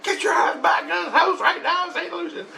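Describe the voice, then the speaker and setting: A woman's voice: animated, moderate pace, a little hiss or hum. A man putting on the voice of his wife, who scolds him and orders him home. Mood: bossy. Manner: shrill, yelling orders.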